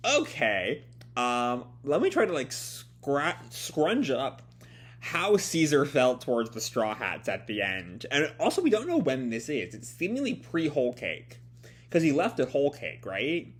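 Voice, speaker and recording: A man reading a comic aloud and reacting, excitable, swearing and thinking aloud as he goes. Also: medium pitch, a little slow, breathy edge. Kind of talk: casual read-along commentary.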